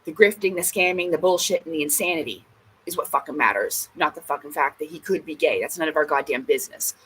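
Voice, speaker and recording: A woman's voice: low voice, fast, a bit bright, a little hiss or hum, rough recording. A woman vlogger in a casual ranting monologue, blunt and emphatic, swearing heavily.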